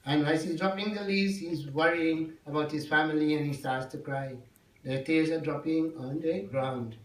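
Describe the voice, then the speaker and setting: A man with a slightly high voice tells a devotional story to a live audience, often checking in with them by asking 'yes?' and 'no?'. He is heard from some distance in a large hall that echoes noticeably. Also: steady tone, normal speed, fairly bright tone. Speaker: religious storyteller. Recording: echoey hall, mic far off.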